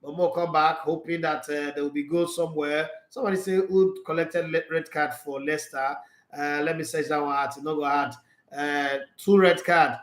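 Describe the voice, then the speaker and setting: A man with a Nigerian Pidgin English accent runs an excitable football chat, laughing and switching freely between Pidgin and English. His voice sits a bit high for a man. The room around him rings with a noticeable echo. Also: normal speed. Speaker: sports channel host. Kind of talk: live football commentary chat.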